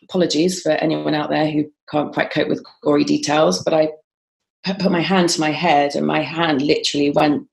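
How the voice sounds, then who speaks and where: Woman guest, low pitch, gravelly fry, hesitant storytelling with ums. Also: level tone, fairly quick. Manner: frequent ums and restarts, quoting others as she tells it. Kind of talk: conversational interview storytelling.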